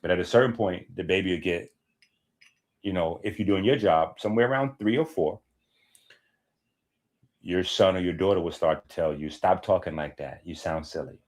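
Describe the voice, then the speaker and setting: Casting: low-voiced man, emphatic streaming host, lectures casually and insistently. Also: moderate pace, long pauses. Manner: emphatic, lecturing, conversational asides. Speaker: holistic health streamer.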